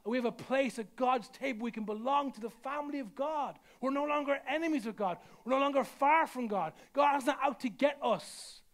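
A man's voice: very high voice, fairly quick, hardly any pauses, fairly bright tone. A man preaches a sermon. He talks in a loose, conversational way, doubling back on his words and stacking phrase after phrase for emphasis. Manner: conversational, repeats words, builds with rising emphasis. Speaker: pastor.

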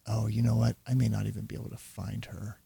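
Gravelly, husky male commentator. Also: on the low side, level tone, mellow. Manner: deliberate, emphatic, slowing for key points. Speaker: host. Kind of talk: commentary on video clips.

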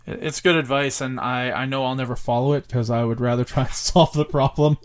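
A man's voice: medium pitch, steady tone, fairly quick. Joking, self-deprecating man hosting a podcast. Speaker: podcast host. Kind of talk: casual podcast conversation.

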